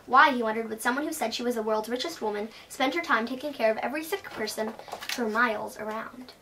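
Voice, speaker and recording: A woman reading a children's story aloud at a bookstore with an expressive read-aloud delivery. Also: on the high side, fairly quick, noisy background. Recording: voice from a distance.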